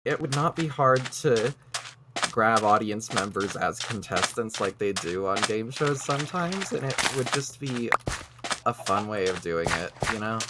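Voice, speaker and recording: A man's voice: fairly low pitch, expressive, a little slow. A man streaming a game, chatting in an easygoing way, laughing often and trailing off mid-sentence. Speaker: streamer, co-host. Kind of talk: casual chat while gaming. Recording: loud background noise.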